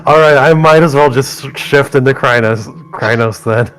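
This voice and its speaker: A man's voice: medium pitch, moderate pace, fairly bright tone, clean tone. A man playing a tabletop game, describing his character's actions with hesitant restarts. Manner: hesitant, restarts while deciding. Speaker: player.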